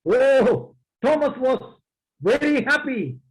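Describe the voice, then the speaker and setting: Slow, high-voiced preacher. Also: male voice, expressive, poor audio. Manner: slow, emphatic, addresses the congregation. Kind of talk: sermon.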